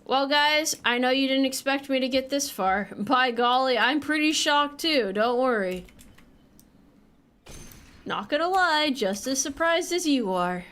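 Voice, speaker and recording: A woman's voice: sits high, lively intonation, moderate pace, hardly any pauses, a bit bright. A young woman streaming a game, chatting casually with a playful, joking manner and casual swearing. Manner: playful, jokey, swears casually while playing.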